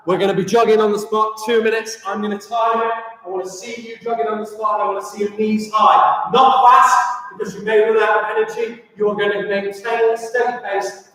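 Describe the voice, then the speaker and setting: A male teacher leading a live exercise class, giving encouraging, steady instructions and counting out reps. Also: high-pitched. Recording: echoey hall from far off.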